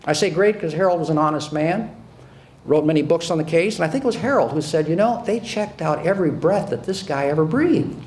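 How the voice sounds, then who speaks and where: Older American man, ex-prosecutor lecturing an audience; high voice, mocking and emphatic, with a faint hiss behind him. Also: animated, fairly quick, a little mellow. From United States. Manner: sarcastic and emphatic, with frequent repeats and restarts. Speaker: former prosecutor and author giving a talk. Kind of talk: speech to an audience.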